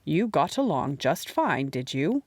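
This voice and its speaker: Lady reading a brisk cheery housekeeper, lower voice. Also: very animated, a little mellow, dry recording, clean studio sound, heavily acted.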